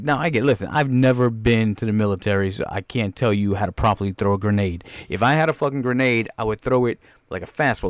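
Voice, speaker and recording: A man's voice: lowish voice, no echo. A man doing profane, rambling comedic commentary while reacting to a film.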